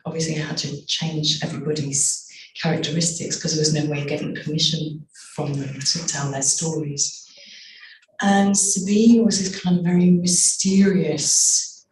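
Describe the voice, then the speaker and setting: A middle-aged woman, an author, reading aloud from her memoir and telling its stories in a measured way with slow, emphatic pauses. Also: low voice. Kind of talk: live reading and storytelling. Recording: echoey, distant room mic.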